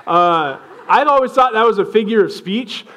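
A man's voice: high-pitched, expressive, normal speed, a bit bright. A young adult man preaching a sermon as pastor, telling a story in a casual, self-deprecating way.

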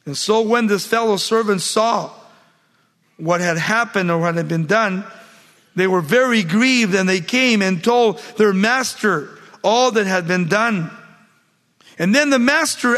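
High-voiced man preaching in a reverberant hall. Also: unhurried, fairly bright tone. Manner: reads scripture then expounds, emphatic repetition. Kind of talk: sermon.

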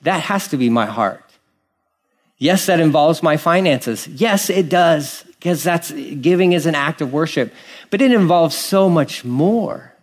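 A man delivers a sermon in an animated style. His slightly high voice rises and falls widely as he acts out quoted characters, then drops to hushed, earnest lines. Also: measured pace. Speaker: pastor.

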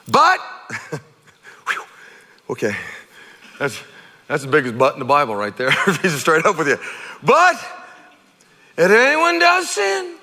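A middle-aged man preaching a sermon as pastor, conversational and animated, acting out quotes. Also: medium pitch. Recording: long hall reverb.

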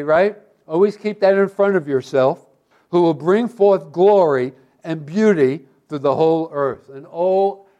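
A pastor preaching a sermon and closing in prayer, with earnest, emphatic stresses on key words. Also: male voice, on the high side, a little mellow. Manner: prayerful, repeating "Lord" and "Father".

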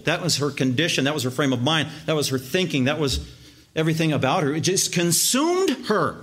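A man preaching a sermon, emphatic, stacking repeated words into long lists and slowing down to stress key words. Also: on the high side, fairly bright tone. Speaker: pastor.

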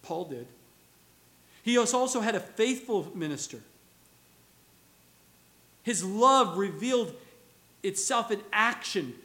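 Male preacher, very high pitch, earnest conversational sermon with rhetorical questions. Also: lively intonation, slow, pauses often, bright, forceful tone.

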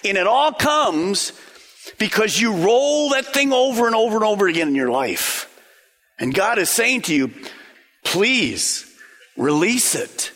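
Animated high-voiced male preacher in a hall. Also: moderate pace. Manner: emphatic preaching with rhetorical questions and lists. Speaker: pastor. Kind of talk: sermon.

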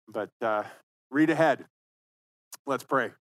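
A man's voice: medium pitch, slow, a bit bright. A man preaching a sermon as pastor, conversational and emphatic, repeating phrases for stress.

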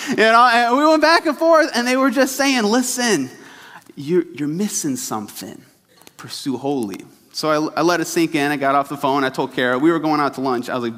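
A young adult youth pastor preaches in a church sanctuary, telling stories casually and laughing along the way. His voice is on the high side, very animated and fairly bright, at normal speed, with hall reverb in the recording.

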